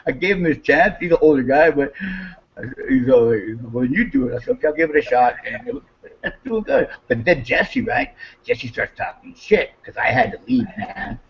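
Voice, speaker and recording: A man with a fairly high-pitched voice tells a story in casual conversation at normal speed, swearing freely. He's animated, acting out heated quotes with a raised voice. The recording is muffled, with slight background noise.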